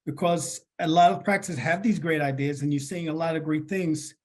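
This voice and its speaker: A man co-hosting a business podcast, explaining in a steady, plain-spoken way. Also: fairly high pitch, normal speed. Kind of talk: casual business podcast talk.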